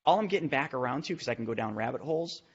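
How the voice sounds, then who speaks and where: Brief: husky male podcast guest, rapid-fire explainer, muffled audio. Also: medium pitch. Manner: fast, energetic explaining with asides. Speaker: real estate investor and teacher. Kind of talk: podcast discussion.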